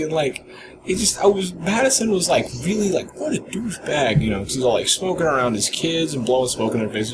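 A man co-hosting a podcast, rambling through a story in casual chat, often laughing and acting out bits. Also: mid-range voice. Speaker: podcast co-host. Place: hotel lobby. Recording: noisy lobby ambience.

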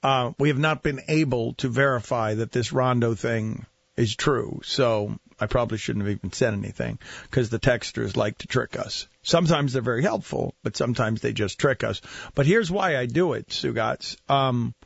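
A man hosting a casual sports radio talk show, joking and animated as he talks. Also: mid-range voice, normal speed, gravelly, slightly rough, dry recording. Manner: joking, animated, does mock voices. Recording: dull dry studio radio sound.

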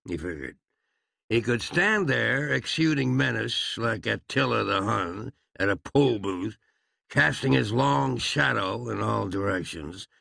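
A man narrating a comic western audiobook with a wry, lively storytelling manner. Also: medium pitch, gravelly, dry recording.

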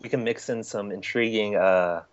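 A man co-hosting a podcast in casual chat over an internet call, playful with quick asides. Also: on the low side, highs cut off. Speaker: podcast co-host.

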